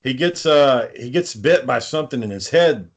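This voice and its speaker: Man, podcast co-host, casual chat, rambling, swears a lot, mid-pitched voice. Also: lively intonation, moderate pace. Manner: rambling, profane storytelling.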